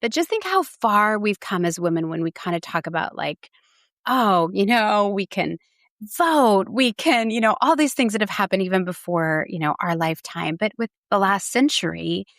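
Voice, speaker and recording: A middle-aged woman, a dietitian and podcast guest, who tells animated stories and laughs often. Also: medium pitch, a little fast, few pauses, no echo, clean studio sound. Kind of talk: podcast interview conversation.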